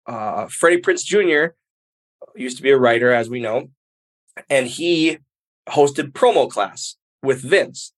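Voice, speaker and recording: A man, a professional wrestler, telling stories as an interview guest in a lively, casual way, acting out quoted dialogue and filling in with "like". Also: mid-range voice. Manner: animated, acts out quoted dialogue, many fillers like "like".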